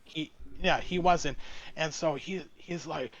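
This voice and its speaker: A man's voice: a little high, takes it slowly, muffled recording. A man who is a streamer guest, casually telling a story in a rambling way full of restarts. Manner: rambling, with many restarts and fillers.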